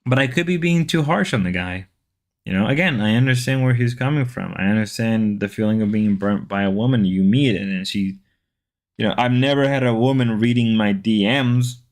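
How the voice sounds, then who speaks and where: A man with a fairly low voice hosts a casual livestream at a moderate pace. He chats loosely, reads viewer comments, and repeats himself as he rambles.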